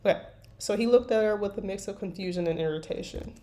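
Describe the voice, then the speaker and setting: Her voice is mid-range and dark-toned, and she talks quickly. Working on fan fiction at a computer desk, she chats loosely with live stream viewers and makes jokes at her own expense as keys click faintly nearby.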